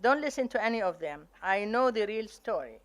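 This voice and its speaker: An older woman with an Arabic accent tells stories from her own life to an audience. She slips in and out of quoted dialogue from her family and gives each quote a little life. Her pace stays steady and conversational. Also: mid-range voice, brisk. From Palestine. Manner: animated storytelling, acting out family quotes. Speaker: memoir author. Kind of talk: reading and telling memoir stories.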